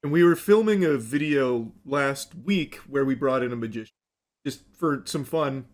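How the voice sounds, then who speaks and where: A man's voice: medium pitch, expressive, normal speed. A man hosting a casual chat, asking questions in a loose, offhand way and swearing freely.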